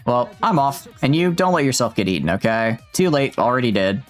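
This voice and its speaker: A man's voice: mid-range voice, very animated, brisk, soft background music. A young man casually streaming a game, reading the dialogue aloud and joking with his chat, with a slightly sore throat. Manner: jokey, chatty, reads lines out with asides to chat.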